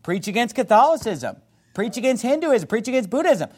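Male pastor, emphatic sermon delivery, high voice with wide swings; reads scripture in old-fashioned wording. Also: very animated, a little fast. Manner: fiery, emphatic preaching.

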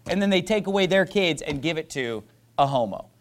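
A man's voice: fairly high pitch, expressive, a little fast. A male pastor preaching a sermon in an emphatic, mocking style that builds to rising fervor.

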